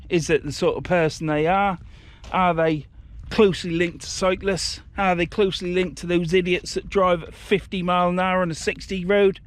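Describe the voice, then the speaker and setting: A middle-aged man, filming himself outdoors on a riverside shore. His voice sits a little high, and he rambles and grumbles bluntly, swearing as he goes. Casual, unscripted vlog talk into a handheld camera. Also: slight background noise. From England. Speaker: fishing vlogger.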